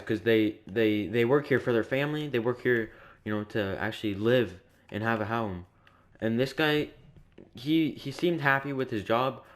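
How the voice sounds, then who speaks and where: Young dude telling a story, kinda low voice, rambly and exasperated, repeats himself a lot. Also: male voice, slight background noise. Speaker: vlogger. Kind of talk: casual storytelling.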